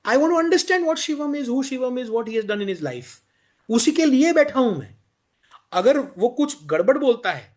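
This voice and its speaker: Indian English male coach, high lively voice, conversational classroom lecture. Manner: conversational, switches into Hindi, acts out candidate lines. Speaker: interview coach.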